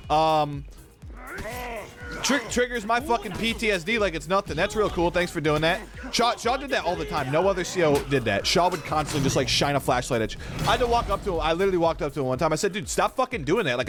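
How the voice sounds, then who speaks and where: A man streaming a game while telling a story in a rambling, profane way, full of "dude" and "like". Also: on the high side. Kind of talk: casual storytelling while gaming.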